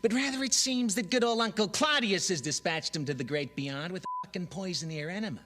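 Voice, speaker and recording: A man's voice: high voice, fairly quick, bright, forceful tone, voice pushed up. A man doing a cocky, foul-mouthed hipster prince. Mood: brash. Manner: brash, cocky, profane street talk. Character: slangy hipster version of a brooding young prince. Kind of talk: comic audition monologue.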